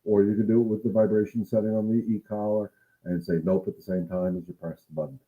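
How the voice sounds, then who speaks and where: A man's voice: fairly low pitch, flat delivery, quick pace, phone-quality sound. A man who trains dogs, talking casually to his viewers in a livestream Q&A, earnest and coaching. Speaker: dog trainer answering viewer questions.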